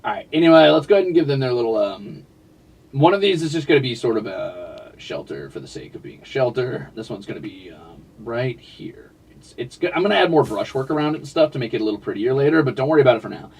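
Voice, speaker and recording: A man's voice: medium pitch, expressive, quick pace, creaky, darkish tone, husky, recorded from a distance. A man streaming a game, rambling casually and chatting with his viewers. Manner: rambling, chatty, talks to his cats and chat. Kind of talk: casual livestream chat while playing.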